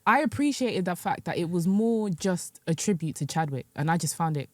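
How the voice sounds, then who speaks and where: A woman's voice: fairly low pitch, animated, normal speed, a little mellow, no echo. A woman guesting on a podcast, chatting casually and candidly about shows and films. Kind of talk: casual chat.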